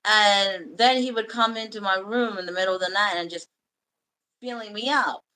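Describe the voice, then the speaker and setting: A woman hosting a livestream, bluntly and profanely telling a painful personal story in halting bursts. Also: mid-range voice, sharp tone, poor audio. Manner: emotional, halting confession. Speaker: livestream host.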